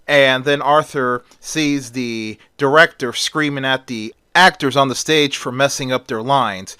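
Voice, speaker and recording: Guy retelling a story casually, bright tone, dry close sound. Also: medium pitch, clear, resonant tone, dry recording. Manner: plain narration with small slips.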